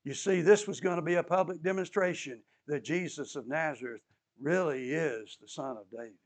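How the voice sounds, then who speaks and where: A man's voice: fairly high pitch, normal speed. A man preaching a sermon as an emphatic storyteller who repeats key phrases and adds touches of humor.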